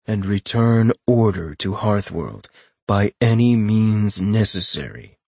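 A man voicing a rasping, ancient voice of an elder race, speaking in slow, grave pronouncements. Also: on the low side, expressive, darkish tone, no echo, pitched below the performer's own voice, full character voice.

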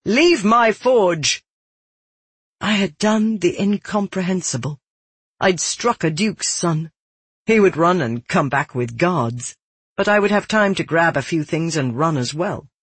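Breathy first-person story narrator. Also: mid-range voice, expressive, a little slow, dry recording. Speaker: audiobook narrator.

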